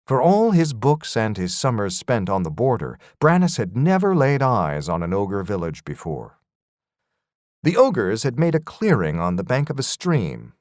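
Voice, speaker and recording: Man, audiobook narrator, low voice, lively pitch, dry close recording. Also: no echo. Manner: expressive storytelling. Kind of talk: scripted fantasy narration.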